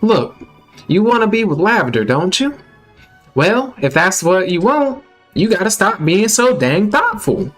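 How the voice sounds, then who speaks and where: A man's voice: sits high, sing-song, a little slow, a bit bright, soft background music, voice pushed up, heavily acted. A man voicing a scheming, impatient young country man in a put-on Southern US drawl, pushy and wheedling.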